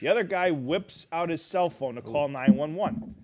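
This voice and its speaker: A man's voice: a little high, normal speed, a little mellow. A man co-hosting a casual podcast, reading corny jokes aloud and laughing at them. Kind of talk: casual chat.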